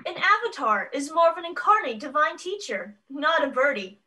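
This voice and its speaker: A woman voicing a literal-minded female smart speaker assistant in a flat, factual manner, in an amateur online play. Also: high voice, moderate pace, far from the mic, full character voice. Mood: matter-of-fact.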